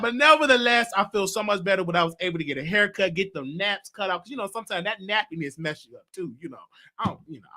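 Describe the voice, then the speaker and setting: A man's voice: high-pitched, sharp tone. A man hosting his own livestream, venting in a casual monologue that is emphatic and repetitive, with a preacher-like way of talking. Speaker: show host.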